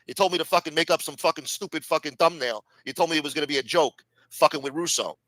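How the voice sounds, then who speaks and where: Profane, fast-ranting man. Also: fairly high pitch, fairly bright tone. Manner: profane, bitter complaining. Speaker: streamer in a played clip. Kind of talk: angry rant.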